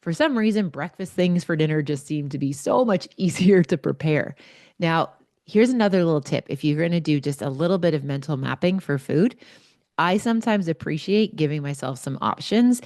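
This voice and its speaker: A woman's voice: low-pitched, expressive, moderate pace, darkish tone, dry recording, clean studio sound. A middle-aged woman hosting a podcast, giving casual, chatty advice and anecdotes. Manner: chatty and anecdotal, with fillers like "like" and "right?". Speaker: podcast host.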